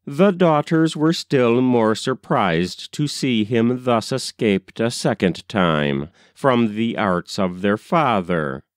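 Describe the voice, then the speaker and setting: A man reading a story aloud in a measured, expressive narrating manner. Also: mid-range voice, no room sound, studio quality. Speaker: audiobook narrator.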